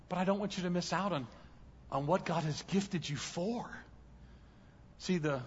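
A guest pastor preaching a sermon in a large church, telling stories and building to loud, fervent peaks. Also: male voice, on the high side, breathy edge, big-room sound, highs cut off.

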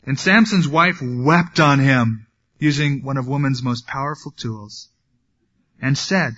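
A man's voice: medium pitch, measured pace, a bit bright, highs cut off. A man preaching a sermon, reading scripture and adding wry, conversational asides. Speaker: pastor.

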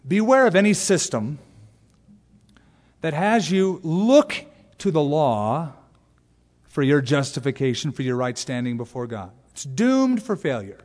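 A man preaching an expository sermon as pastor, animated and acting out little voices. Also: on the high side, measured pace, in a large hall. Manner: animated, acts out voices and exaggerated asides. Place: large church sanctuary.

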